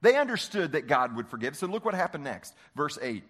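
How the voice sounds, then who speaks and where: Male preacher, sermon delivery, somewhat high and very expressive pitch, quizzes the room. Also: fairly quick. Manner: animated, asks the congregation questions. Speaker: pastor.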